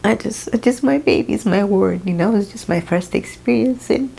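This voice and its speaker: A young woman who is not a native English speaker, talking emotionally in a personal vlog, halting and sighing as she fights back tears. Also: medium pitch, vocal fry, a little mellow, a little hiss or hum, low-quality recording. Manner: emotional, tearful, halting, with sighs. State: crying at times. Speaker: vlogger.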